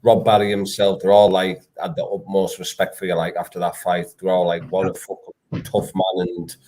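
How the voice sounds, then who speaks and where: A man's voice: low voice, little pitch movement, a little fast, a little mellow. A man interviewing a fighter in laid-back, casual chat, swearing now and then and saying "mate". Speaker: podcast interviewer.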